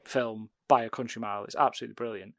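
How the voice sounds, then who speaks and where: Animated man chatting films. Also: medium pitch, quick pace, dry recording. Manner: animated, laughing, trailing restarts. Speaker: podcast co-host. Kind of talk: casual film chat.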